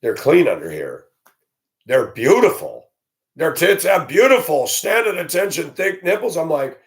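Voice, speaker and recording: A man's voice: a little high, sing-song, unhurried. A man vlogging alone, speaking in a blunt, indignant, ranting way. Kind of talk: solo opinion monologue.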